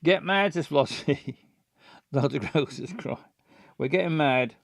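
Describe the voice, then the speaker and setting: Slow, gravelly streamer. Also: male voice, a little high, no room sound, clean studio sound. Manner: hesitant, many ums, chuckles, greets viewers by name. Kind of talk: live-stream game playthrough.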